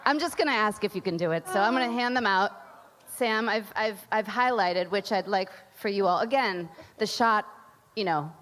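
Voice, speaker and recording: A chatty woman moderates a live panel, her voice at a middle pitch. It rings out through a large hall with long reverb. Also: moderate pace, fairly bright tone, a little hiss or hum. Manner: chatty, laughs often.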